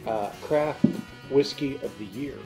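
A man's voice: medium pitch, measured pace, mellow, faint music behind. A man co-hosting a whiskey and cigar review, chatting casually with dry, sarcastic humor. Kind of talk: casual chat.

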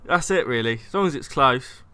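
A man with a bright, crisp voice trades dry sarcastic jokes in a casual podcast chat. His tone stays smooth and sharp. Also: medium pitch, expressive, a little fast.

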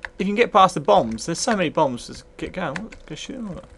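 Tipsy man, gravelly, lively pitch, sweary rambling play-by-play; retro game review commentary. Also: fast, a little hiss or hum. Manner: sweary, rambling, bursts into excited yells. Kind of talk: live gameplay commentary.

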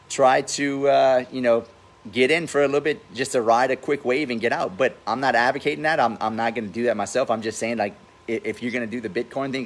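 A man in his forties giving blunt, profane business advice in a casual livestream talk, outdoors by his pool. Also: medium pitch. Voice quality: says he has a funny accent. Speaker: real estate investor and host.

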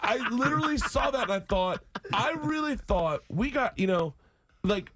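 A man who works as a comedian, telling animated comic stories as a guest in a radio studio and laughing through his lines. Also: very high voice, normal speed, slight background noise. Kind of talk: comedic storytelling.

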